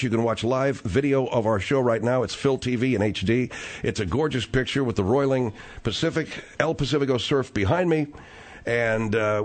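A man hosting a radio talk show, talking in a brash, emphatic, salesy way. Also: medium pitch.

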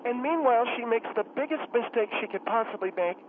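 Brief: man putting on a catty, rambling middle-aged woman caller, high voice, phone-line sound. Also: expressive, fast, slight background noise. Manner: rambling, indignant, mocking.

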